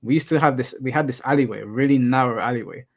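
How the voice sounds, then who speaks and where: A man's voice: mid-range voice, fast. A young adult man hosting a live stream, chatting casually with viewers and telling rambling anecdotes with casual swearing.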